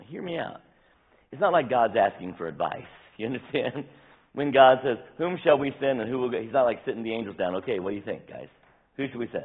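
Male pastor, husky and worn, lively sermon delivery, phone-like sound. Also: fairly low pitch. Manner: animated preaching, acts out scripture quotes. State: voice tiring, dry throat. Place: church sanctuary.

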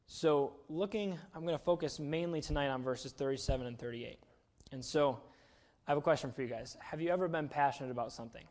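A man's voice: fairly high pitch, a little fast, a little mellow. A young man giving a casual, chatty sermon, self-deprecating and full of fillers. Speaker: preacher.

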